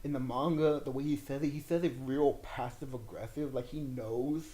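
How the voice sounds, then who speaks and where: A young man in casual podcast talk, excitedly and profanely retelling movie scenes and acting out the characters' lines. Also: medium pitch, normal speed. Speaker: podcast co-host. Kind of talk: casual movie review chat.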